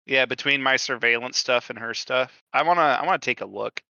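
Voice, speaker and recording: A man's voice: medium pitch, brisk, gravelly, bright, forceful tone, smooth, no echo, muffled recording. A man playing in a tabletop horror game, asking hesitant questions full of fillers. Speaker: player. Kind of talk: casual tabletop role-play.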